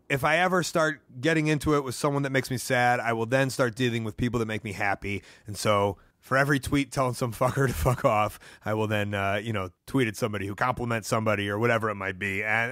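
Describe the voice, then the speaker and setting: A man's voice: mid-range voice, fairly bright tone, no echo, studio quality. A man hosting his own podcast, talking casually and bluntly, swearing freely as he tells stories. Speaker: podcast host and pro wrestler. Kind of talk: casual solo podcast talk.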